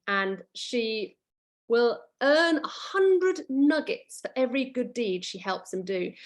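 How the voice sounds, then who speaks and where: A middle-aged woman, a children's author, reading her book aloud to schoolchildren in a lively, playful, encouraging way over a computer microphone. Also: mid-range voice, creaky.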